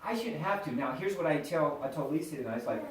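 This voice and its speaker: A middle-aged man giving an animated, chatty motivational talk to a live audience, acting out bits of dialogue. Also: fairly high pitch, quick pace, a crowd in the background. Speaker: motivational speaker. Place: event hall with audience. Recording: echoey room, voice from a distance.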